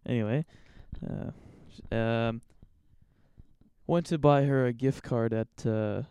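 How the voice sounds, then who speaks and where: Mellow-voiced man with wry quips. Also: medium pitch, slow pace, clear, resonant tone, no room sound, muffled recording. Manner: wry, joking interjections. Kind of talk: casual chat.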